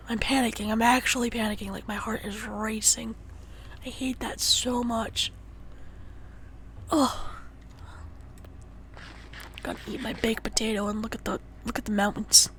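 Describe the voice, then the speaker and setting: A young woman streaming a game, chatting casually and shifting between hushed muttering and excitable talk. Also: fairly high pitch, unhurried, long pauses, a little hiss or hum. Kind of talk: casual gameplay livestream chat.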